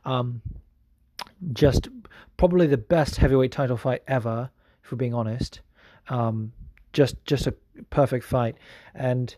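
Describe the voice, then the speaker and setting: A man's voice: medium pitch, a little mellow, no echo. Guy hosting a podcast, swears a lot, rambly, dry close sound. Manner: swears freely, rambling with fillers. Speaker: podcast host. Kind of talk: casual chat.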